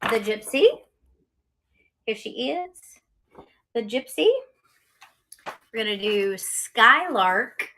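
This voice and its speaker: A woman talks through her items in a casual live-selling stream. Her voice is bright and crisp and sits a touch high. She speaks slowly and chattily, with frequent fillers. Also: lively intonation, a little hiss or hum. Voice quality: chatty and cheerful, many ums, laughs often. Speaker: online auction seller.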